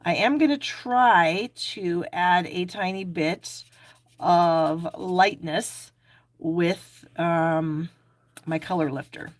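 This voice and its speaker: A woman's voice: fairly low pitch, drawn-out words, no room sound. Chatty woman hosting a live stamping class. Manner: chatty, self-deprecating, talks while working. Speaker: card-making class host. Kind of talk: live craft demo with viewer chat.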